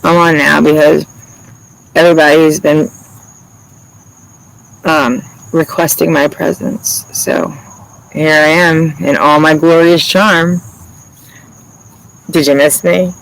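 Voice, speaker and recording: A man talks loosely to his online viewers, his voice a touch high and rough with fry. He swears freely, rambles and breaks into laughter often. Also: little pitch movement, slow pace, pauses often, a bit bright, a little hiss or hum, poor audio. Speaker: livestreamer. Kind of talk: casual livestream chat.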